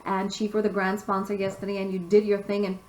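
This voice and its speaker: A young woman hosting a casual radio show, chatty and upbeat, giving listeners shout-outs. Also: mid-range voice, monotone, fast, roomy sound, rough recording. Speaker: radio host.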